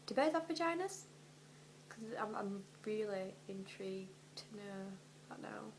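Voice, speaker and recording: A young woman doing a comedic dramatic reading, animated and sweary, often dropping into whispers for her asides. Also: mid-range voice, creaky, background noise. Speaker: vlogger.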